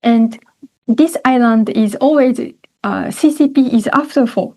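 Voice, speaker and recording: A woman from Okinawa speaking English with a Japanese accent as an interview guest, in earnest, halting phrases. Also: on the high side, warm tone, rough recording.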